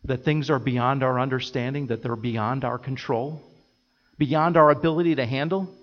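A man's voice: mid-range voice, steady tone, normal speed. Man, pastor, earnest sermon, lingering hall reverb, slightly muffled sound. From United States. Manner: earnest, repeats phrases in lists. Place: church sanctuary.

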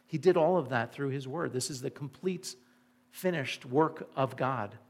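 A man's voice: medium pitch, a little slow, a little mellow. Man, pastor, sermon, earnest, emphatic, rhetorical questions. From Indiana.

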